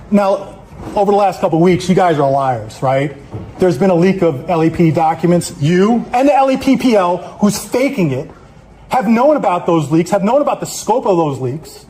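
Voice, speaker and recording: A man's voice: high voice, a little mellow, slight background noise. A man giving an angry, accusatory public comment speech, swearing as he denounces the police.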